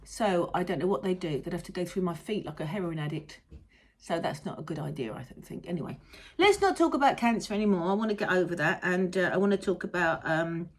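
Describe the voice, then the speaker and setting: A middle-aged British woman with a fairly low, expressive voice talks fast. She hosts a casual chat monologue, rambling along chattily with some mild swearing.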